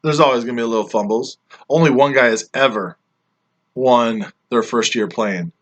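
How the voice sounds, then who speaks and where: A man with a bright, forceful voice rambles through a review of his friends' teams, teasing as he goes. He often lets the ends of his sentences drop off quietly. His voice sounds slightly worn from talking. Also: mid-range voice, normal speed. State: voice getting worn. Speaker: fantasy football league member reviewing drafts. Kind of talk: casual chat grading friends' teams.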